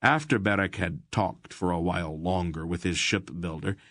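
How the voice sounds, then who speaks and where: A man narrating an audiobook in a measured storytelling manner on a close mic. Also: low voice, fairly bright tone, dry recording. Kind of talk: scripted narration.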